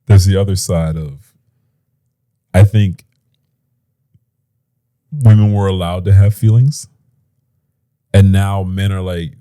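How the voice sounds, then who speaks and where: A man's voice: low-pitched, steady tone, slow, pauses often, dark tone. A man co-hosting a podcast from home, talking casually and animatedly, dropping slang and mimicking voices. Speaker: podcast co-host. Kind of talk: casual chat. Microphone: podcast mic.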